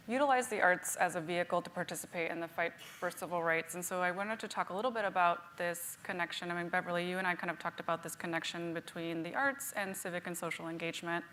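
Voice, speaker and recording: A woman's voice: fairly low pitch, a bit bright, a little hiss or hum. Woman moderator, friendly and hedging. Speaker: moderator, museum curator. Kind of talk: moderating a panel. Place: museum talk before an audience.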